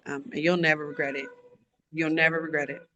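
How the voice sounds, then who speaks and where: Woman coach, interview guest; bright, tense tone, earnest and reflective. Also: sits low, little pitch movement, quick pace, lo-fi sound, a little hiss or hum. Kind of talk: heartfelt interview answers.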